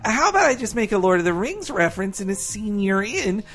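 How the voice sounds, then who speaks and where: A woman co-hosting a casual podcast, animated and playful as she sets up a comedy bit. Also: medium pitch, fairly quick. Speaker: podcast co-host. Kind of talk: casual chat and sketch setup.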